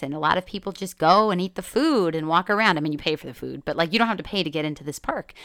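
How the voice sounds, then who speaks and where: A woman's voice: on the low side, gravelly, a bit bright, clean tone, no room sound, clean studio sound. A woman life coach talking casually on her own podcast, candid and chatty, swearing freely and laughing often. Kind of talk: casual solo podcast talk.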